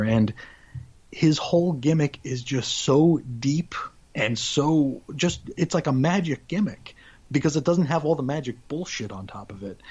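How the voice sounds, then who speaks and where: A man co-hosts a podcast in casual chat, rambling through his points and restarting often. His mid-range voice is a little mellow and slightly rough, with the highs cut off.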